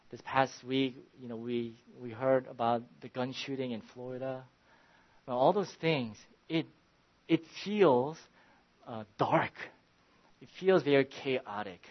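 A man pastor preaching a sermon, earnest and halting at first, then building to emphatic, passionate preaching. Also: medium pitch. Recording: dull lo-fi recording.

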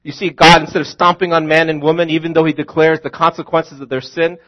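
A man's voice: a little high, little pitch movement, quick pace, dull audio. A man preaching a sermon as a pastor, earnest, calling his listeners friends and repeating key lines.

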